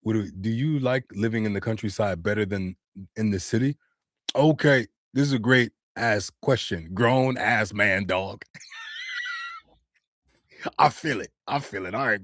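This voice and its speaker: American man, casual streamer, lower voice, dry close sound, talks straight to chat. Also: expressive, moderate pace, no room sound. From United States. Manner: chatty, answers viewer comments directly, loose slang. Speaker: live streamer and voice actor. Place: home studio.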